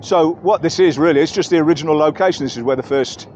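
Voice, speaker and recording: A man's voice: on the high side, fast talker, a little mellow, highs cut off, slight background noise. An English man giving a chatty, rambling walking-tour commentary outdoors in busy market streets, correcting himself as he goes. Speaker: travel vlogger.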